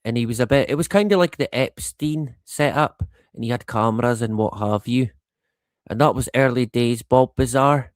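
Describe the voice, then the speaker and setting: A man's voice: medium pitch, normal speed, no echo, clean studio sound. Rambling, laughing male livestream host. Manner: rambling and conversational, laughs often, swears. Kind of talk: casual monologue.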